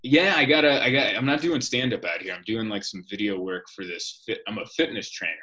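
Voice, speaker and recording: A man with a bright, forceful voice and a slightly low pitch, chatting casually as a guest. He tells wry, joking stories, with a comedian's timing. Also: a little fast. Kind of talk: casual podcast chat.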